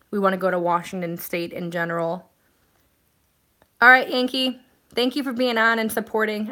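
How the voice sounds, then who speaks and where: A woman's voice: medium pitch, a bit bright. A woman hosting a casual live stream, chatting and answering viewer comments in a rambling way with plenty of ums and restarts.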